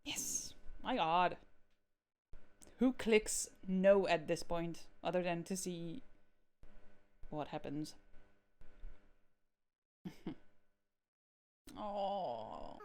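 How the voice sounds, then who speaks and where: A woman's voice: lowish voice, very slow, long pauses, darkish tone, smooth. A woman giving blunt, amused commentary while playing a game. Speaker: let's play gamer. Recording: game music underneath. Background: game music.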